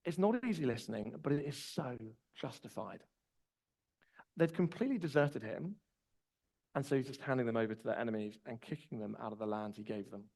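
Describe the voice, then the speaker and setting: A man's voice: medium pitch, fairly quick, poor audio. A man, preaching a conversational sermon with personal stories. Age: 20s. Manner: relaxed storytelling, personal anecdotes.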